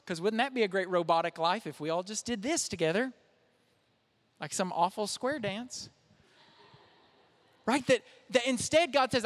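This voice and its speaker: A man's voice: sits high, lively intonation, moderate pace, long pauses, a bit bright. A young man, a pastor, preaching a sermon in a conversational, self-deprecating way. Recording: reverberant hall.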